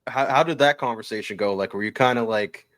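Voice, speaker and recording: A man's voice: on the low side, brisk, fairly bright tone. A man hosting a hockey podcast, asking long, chatty questions full of fillers. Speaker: podcast host. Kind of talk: casual interview.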